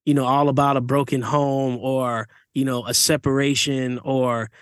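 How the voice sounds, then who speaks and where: A man's voice: medium pitch, level tone, normal speed, clear, resonant tone, dry recording, clean studio sound. A man in casual conversation, talking things through in a reflective way with many fillers. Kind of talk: casual chat.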